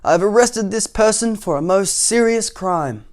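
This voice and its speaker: A man voicing a gloomy castle soldier in a children's storybook reading, speaking gravely and formally. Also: sits high, expressive, moderate pace, voice pushed up.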